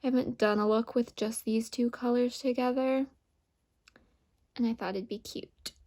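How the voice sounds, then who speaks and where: A woman beauty vlogger narrating a makeup tutorial, calmly explaining each step. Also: on the high side, normal speed.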